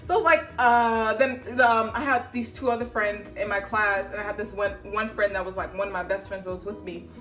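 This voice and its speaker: A young adult woman telling a casual storytime to camera, slangy and swearing freely, loudly acting out the conversations she recounts. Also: medium pitch, fairly even intonation, a little fast, hardly any pauses, soft background music. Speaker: vlogger.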